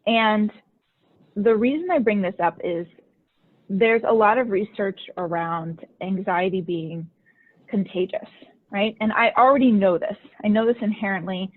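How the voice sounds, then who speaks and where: A woman's voice: medium pitch, measured pace. A woman hosting a podcast and coaching, telling stories in a chatty way full of "like" fillers. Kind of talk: casual conversational storytelling. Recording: tinny phone-like line.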